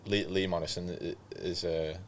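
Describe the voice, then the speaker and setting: A guest musician, a man, answering softly and hesitantly in casual chat, a little off-mic. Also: sits low, fairly even intonation, normal speed, a little hiss or hum.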